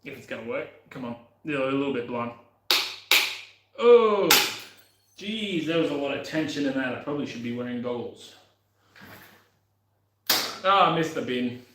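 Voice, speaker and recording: Young guy fixing his bike and muttering away, mid-pitched voice, roomy echo. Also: fairly quick, pauses often, very noisy. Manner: rambling, mutters to himself, swears casually. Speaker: vlogger working on his motorbike. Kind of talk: casual running commentary while working.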